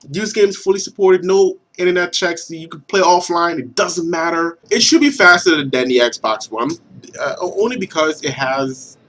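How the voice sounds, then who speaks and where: A young man ranting excitedly to his viewers as a gaming vlogger, animated and swearing, with lots of stumbling restarts. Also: high-pitched. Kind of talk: excited rant to camera.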